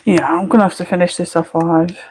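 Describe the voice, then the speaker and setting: A woman from Barnsley with a Barnsley Yorkshire accent, chatting casually on a colouring live stream at home, blunt and quick to laugh, with mild swearing. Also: fairly low pitch, little pitch movement, a little mellow, slightly rough, low-quality recording. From Barnsley, England. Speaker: colouring livestreamer.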